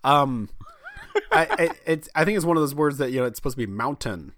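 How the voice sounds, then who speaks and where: A man from Kansas co-hosting a podcast in a relaxed, easygoing way and often laughing. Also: on the high side, fast, no echo, studio quality. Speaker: podcast co-host. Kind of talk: casual chat.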